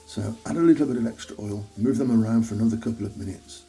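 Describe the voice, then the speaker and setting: A man's voice: lowish voice, quick pace, vocal fry. A man hosting his own cooking show, chatting cheerfully as he walks through each step of a recipe. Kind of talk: cooking demonstration. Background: soft guitar music.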